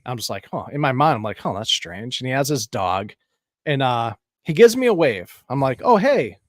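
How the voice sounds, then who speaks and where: Man telling a story on a podcast, swears a lot, lively pitch, dry close sound. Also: normal speed, dry recording. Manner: profane, animated, laughs often. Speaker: podcast co-host. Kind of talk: casual chat, storytelling. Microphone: podcast mic on a live stream.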